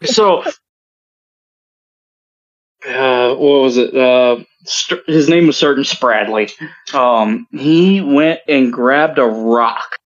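A man's voice: mid-range voice, very slow, long pauses. Profane, laughing storyteller man. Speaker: podcast co-host. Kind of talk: casual chat, storytelling. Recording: dull lo-fi voice chat audio.

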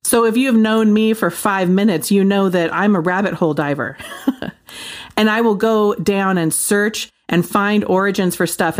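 Animated, incredulous woman. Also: mid-range voice. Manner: animated, incredulous, colloquial, laughs often. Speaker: Christian commentator. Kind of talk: casual monologue.

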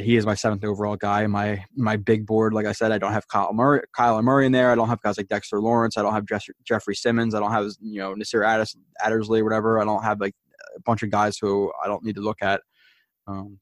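A man's voice: fairly low pitch, no echo, clean studio sound. A man hosting a show, casually breaking down football game film, thinking aloud with many fillers and restarts. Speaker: host.

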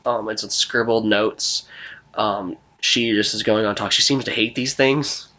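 Young man, game master, podcast host, casual, rambling, low-ish voice. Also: unhurried. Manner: rambling, filler-heavy, relaxed. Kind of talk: narrating a tabletop game.

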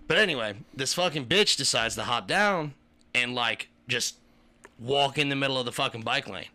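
A man with a very bright, forceful voice tells a story in a loose, rambling way and swears constantly. He is a podcast co-host from the Kentucky tri-state area, talking casually with friends. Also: medium pitch, normal speed. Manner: profane, rambling, animated storyteller.

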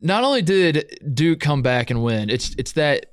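A man's voice: fairly high pitch, sing-song, measured pace, clear, resonant tone, no room sound. Man co-host, playful storyteller, dry close mic, casual sports talk. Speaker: podcast co-host.

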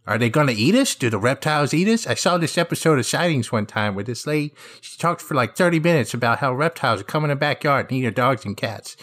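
Jokey, animated man player. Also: mid-range voice. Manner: jokey, rapid-fire questions. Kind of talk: in-character role-play banter.

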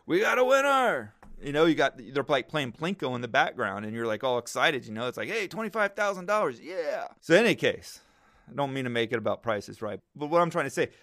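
A man's voice: mid-range voice, a bit bright. A man hosting a podcast, chatting casually and rambling cheerfully while giving trading advice to listeners.

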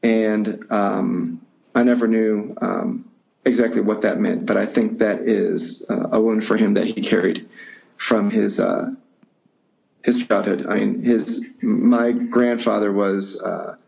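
A man with a low, gravelly voice tells a personal story in an interview, pausing often and circling back with fillers and restarts. The recording sounds dull and lo-fi. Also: steady tone, darkish tone. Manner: halting, reflective, many fillers and restarts. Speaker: guest.

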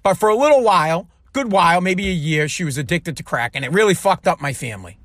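A man's voice: high-pitched, animated, quick pace, fairly bright tone, dry recording. A man telling a personal story in a blunt, heated, profane rant. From United States. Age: adult. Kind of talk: ranting monologue.

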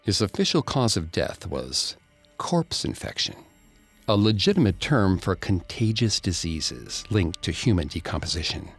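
A man narrating a true-crime story in a measured, somber storytelling manner. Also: lowish voice, breathy edge.

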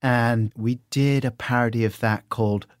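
A middle-aged man telling stories in an interview, animated and slipping into silly voices. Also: medium pitch, moderate pace, clear, resonant tone, dry recording, clean studio sound. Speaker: podcaster guest. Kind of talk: conversational interview.

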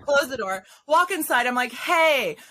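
A woman's voice: fairly high pitch, lively intonation, moderate pace, sharp tone, slight background noise. A young woman hosting a casual chat, telling a story dramatically and sassily, full of "like" and swearing. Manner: dramatic, sassy, lots of "like", swearing. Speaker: podcast host.

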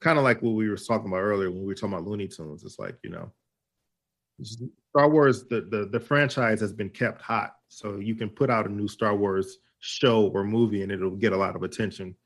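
Relaxed man co-hosting a podcast. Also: on the low side, a little fast. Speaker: podcast co-host. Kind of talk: casual chat.

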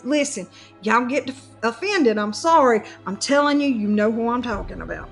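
A woman, telling a comic story on a podcast in a casual, animated way and laughing as she goes. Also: fairly high pitch, normal speed, vocal fry, faint music behind. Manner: animated, laughs through her own story. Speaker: podcast co-host.

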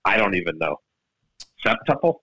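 A man's voice: low-pitched, normal speed, poor audio. A middle-aged man hosting a golf radio show, telling stories in casual chat and laughing often. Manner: animated storyteller, laughs often. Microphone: studio broadcast mic.

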